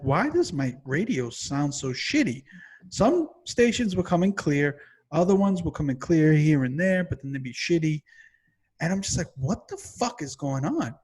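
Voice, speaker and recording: A man with a slightly high, husky voice rants on a casual podcast. He swears constantly and gets more and more exasperated until he is yelling. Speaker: podcast co-host. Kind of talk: profane comedic rant.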